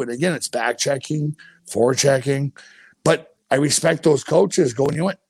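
A man's voice: medium pitch, normal speed, creaky, husky, dry recording. A man in his forties, a former hockey player co-hosting a podcast, telling blunt, profane stories in casual chat.

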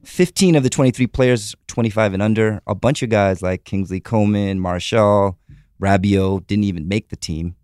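A man hosting a casual sports podcast, briskly reading off quick facts and chuckling. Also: on the low side, darkish tone, clear, resonant tone, dry recording, clean studio sound. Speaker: podcast host.

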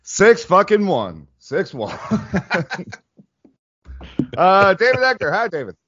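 Animated male podcast host. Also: high-pitched, takes it slowly. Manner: animated, laughing introductions. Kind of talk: casual podcast hosting. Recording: dull lo-fi audio with noise.

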